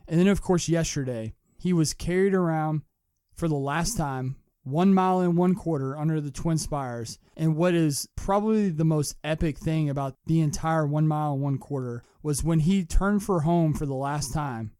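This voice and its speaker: A young man from Kentucky hosting a sports podcast, giving an earnest, lively sports talk monologue. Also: fairly high pitch, normal speed, smooth, no room sound, studio quality. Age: young adult. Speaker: podcast host.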